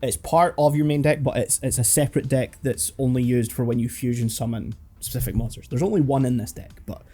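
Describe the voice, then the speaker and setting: A man's voice: medium pitch, steady tone, fairly quick, mellow. A man hosting a podcast, patiently explaining game rules step by step with a casual tone. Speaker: host teaching the card game.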